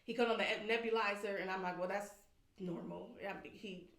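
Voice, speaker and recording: A woman's voice: mid-range voice, brisk. Woman telling a painful story. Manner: candid, animated, acts out quoted voices. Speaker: podcast guest. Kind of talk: emotional personal storytelling. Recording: echoey room.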